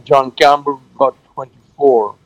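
A man presenting cricket scores on a radio show, halting, with many fillers, repeating figures slowly. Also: medium pitch, fairly even intonation, no echo, low-quality recording. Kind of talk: radio sports news segment.

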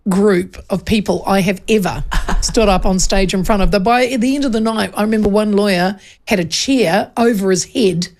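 A woman's voice: medium pitch, moderate pace, darkish tone. A middle-aged woman with a New Zealand accent, hosting a radio show and telling stories in casual chat, often laughing. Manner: chatty storyteller who laughs often.

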